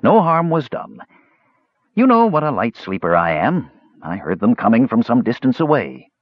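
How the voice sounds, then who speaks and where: A man voicing a frail young male mage who talks in a soft, whispering, cool way. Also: medium pitch, big pitch swings, moderate pace, no room sound, muffled recording. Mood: cold.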